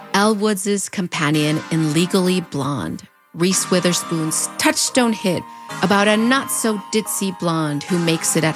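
A woman in her thirties with a Mexican border accent, narrating a scripted commentary in a wry, conversational way with playful asides. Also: medium pitch. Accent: Mexican border English. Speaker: video essay host.

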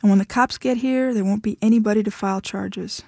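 A woman's voice: mid-range voice, fairly even intonation, brisk, gravelly, a little mellow, dry recording, studio quality. A woman voicing a tough, blunt woman who is fed up with her husband and speaks firmly. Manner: blunt, firm, impatient.

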